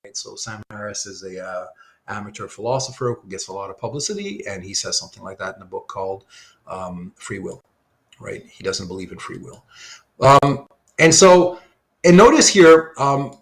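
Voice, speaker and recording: A man's voice: on the low side, lively intonation, normal speed. A man giving a live online philosophy lecture, thinking aloud with lots of rhetorical questions while he sketches diagrams.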